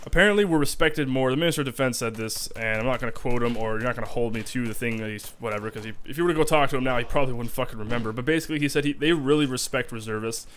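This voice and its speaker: A man's voice: medium pitch, racing, hardly any pauses, a bit bright, slight background noise. A young man talking in a casual vlog, rambling and swearing heavily as he describes army reserve life. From Canada. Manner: profane, rambling, emphatic.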